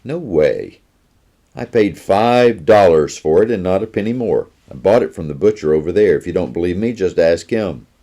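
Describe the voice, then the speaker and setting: A man's voice: low voice, animated, moderate pace, dark tone. A man doing a brash, grumbling young soldier. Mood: boastful. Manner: brash, complaining.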